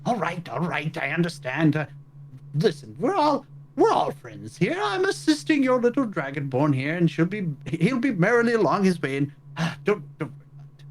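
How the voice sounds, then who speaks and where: A man doing a high, wheedling scheming lich. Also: big pitch swings, moderate pace. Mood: placating. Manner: wheedling, placating, high-pitched. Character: fast-talking scheming male lich, wheedling.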